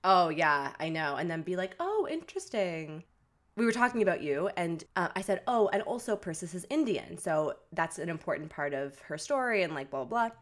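A young woman co-hosts a podcast in her lower register. She talks in a loose, chatty way, full of "like" fillers, and mimics her relatives' lines as she tells a story. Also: expressive, brisk, hardly any pauses. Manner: chatty storytelling, many "like" fillers, acts out family quotes. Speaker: podcast co-host. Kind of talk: casual podcast chat.

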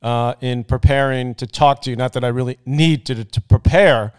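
A man's voice: medium pitch, fairly even intonation, normal speed, smooth. A man from New York hosting a podcast, telling stories and reminiscing in a casual interview. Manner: storytelling, reminiscing. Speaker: podcast host.

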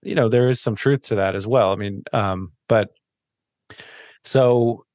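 A man hosting a podcast interview, supportive and quick with short acknowledgments. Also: on the low side, darkish tone, no echo. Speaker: podcast host.

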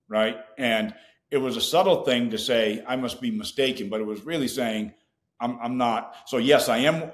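A man tells a personal story as a podcast guest, animated and slipping into the voices of his own past dialogue. His voice sits in a middle pitch. The room around him is echoey.

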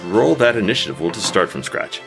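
A man's voice: lowish voice, very animated, brisk, creaky, over loud music. A man narrating a tabletop game as dungeon master, describing scenes and laughing easily as he goes.

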